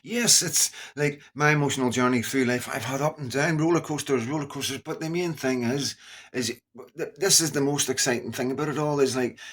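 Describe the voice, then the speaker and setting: A man's voice: mid-range voice, moderate pace, fairly bright tone. A middle-aged man with a Scottish accent, talking casually and earnestly to his viewers, rambling and repeating himself as he goes. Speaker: YouTuber. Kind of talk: casual straight-to-camera talk.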